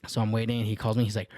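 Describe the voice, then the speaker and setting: A man's voice: on the low side, darkish tone, no room sound, clean studio sound. A young man co-hosting a podcast, telling a long story in a casual, rambling way full of filler words. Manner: laid-back, rambling, heavy use of filler "like". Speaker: podcast co-host.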